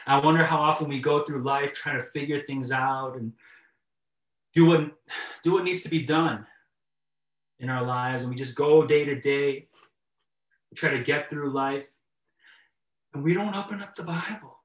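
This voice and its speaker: A man's voice: fairly high pitch, normal speed, pauses often, reverberant, distant mic, poor audio. A male pastor giving a sermon, telling a story in a conversational, chuckling way with frequent restarts. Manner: conversational, warm storytelling with chuckles and repeated starts.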